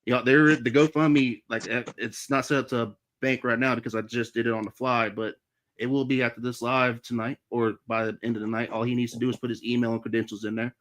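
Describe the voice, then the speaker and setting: A man in the middle of his own live stream, talking fast and loose about his life, angry and swearing freely. His voice sits in an ordinary middle range for a man. The talk is off the cuff, with no script behind it. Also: mid-range voice, level tone, a bit bright. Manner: heated, heavy swearing. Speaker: livestream host. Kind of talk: casual storytelling on a live stream.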